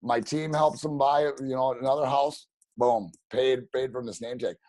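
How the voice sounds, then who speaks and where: A man telling stories as a podcast guest, animated and rambling, with many restarts. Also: medium pitch, moderate pace, dry recording. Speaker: podcast guest, real estate agent. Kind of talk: casual storytelling interview.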